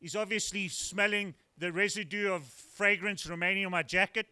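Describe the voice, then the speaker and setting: Older man, South African accent, stand-up comic, high bright voice, smooth and clear, dry wry delivery. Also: steady tone, moderate pace. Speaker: stand-up comedian. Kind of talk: stand-up routine. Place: brewery taproom with live audience.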